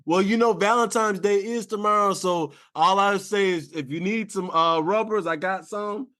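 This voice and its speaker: A man's voice: sits high, moderate pace, sharp tone. A man hosting his own podcast, chatting casually with short replies and frequent laughter. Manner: laid-back, laughs often, short backchannels. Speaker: podcast host. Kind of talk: casual chat.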